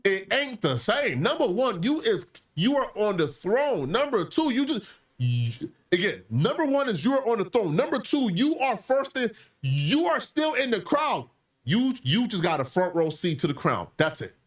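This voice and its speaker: A man with a high, swooping voice delivers animated commentary. He is opinionated and keeps slipping into mocking impressions of others as he argues. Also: moderate pace, recorded from a distance. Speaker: commentary video creator. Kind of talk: hip-hop commentary video.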